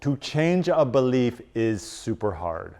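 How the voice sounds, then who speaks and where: A man coaching a live audience in a casual, animated presentation. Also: medium pitch, slow pace. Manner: casual and animated, lots of "like" and "right?". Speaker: strength and performance coach. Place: conference room.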